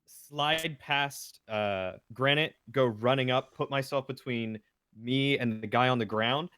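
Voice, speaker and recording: A man's voice: mid-range voice, measured pace, sharp tone, smooth, no echo. A man playing a tabletop game, casually describing his character's actions. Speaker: player.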